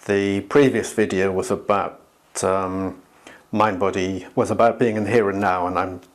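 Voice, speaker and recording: A man who teaches the Alexander Technique, explaining it to camera in a casual, thinking-aloud way with pauses and restarts, and acting out inner voices in a livelier, higher tone. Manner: acts out inner voices with raised, lively pitch. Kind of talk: casual instructional monologue to camera.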